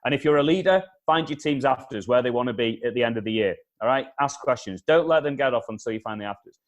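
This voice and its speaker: A man, a communication consultant, giving animated advice in an interview, repeating his key points and acting out past conversations. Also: mid-range voice, fast. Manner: energetic, repeats key points, acts out dialogue. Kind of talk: animated advice with acted-out anecdotes.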